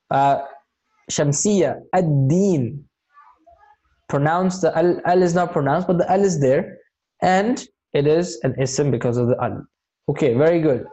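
A man teaching an Arabic grammar lesson in a mellow, warm voice. He explains patiently, one step at a time, and checks in often to encourage his students. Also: a little high. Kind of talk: online class teaching.

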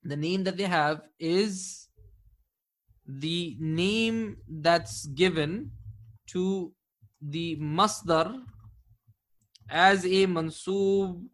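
High, bright-voiced male grammar teacher. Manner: patient, quizzing students with frequent checks and praise; slows down to dictate key terms. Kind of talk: classroom grammar lesson.

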